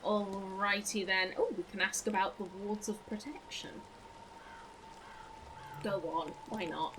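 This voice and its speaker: A woman's voice: medium pitch, fairly even intonation, a little slow, long pauses, music in the background, poor audio. A woman streamer commenting casually on a game as she plays, giggly, chatty, swearing now and then. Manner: giggly, swears, reacts out loud. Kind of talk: let's play commentary.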